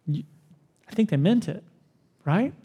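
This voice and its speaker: A man preaching a sermon as pastor, animated, asking the crowd questions and acting out the people he quotes. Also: sits high, measured pace, slightly rough, big-room sound, dull audio.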